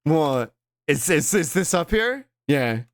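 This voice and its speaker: A man streaming live and chatting casually with his viewers, animated and laughing loudly, now and then slipping into quick character voices. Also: mid-range voice, no echo, clean studio sound.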